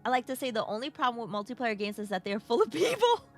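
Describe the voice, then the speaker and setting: A Brooklyn woman with a New York accent live-streams a game, chatting playfully with viewers and reading their chat messages aloud in a bouncy manner. Her voice is fairly high and sing-song, and she talks quickly. Faint music plays in the background.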